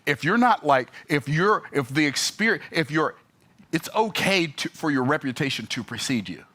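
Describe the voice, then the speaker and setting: A man telling a story and ranting about customer service, emphatic and animated with sudden pitch jumps. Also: moderate pace. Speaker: business vlogger. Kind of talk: opinionated talking-head rant.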